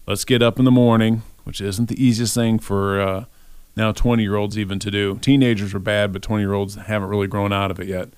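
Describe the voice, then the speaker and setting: A man's voice: on the low side, little pitch movement, fairly quick, a little mellow, smooth, no echo. A middle-aged man giving a devotional, telling a personal story in a conversational way and voicing his own thoughts aloud.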